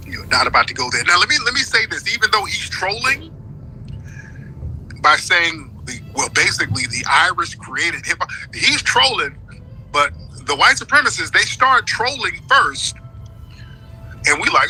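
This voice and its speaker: A man with a sharp, forceful, fairly high voice hosts a heated live-stream debate. He hammers his points home insistently and preaches at his listeners, with soft music underneath. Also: lively intonation, moderate pace, poor audio. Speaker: host.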